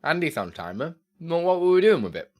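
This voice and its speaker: A man's voice: on the high side, very animated, a little fast. A man streaming live, answering chat questions in a casual, rambling way with lots of fillers. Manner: rambling and easily sidetracked, with many fillers.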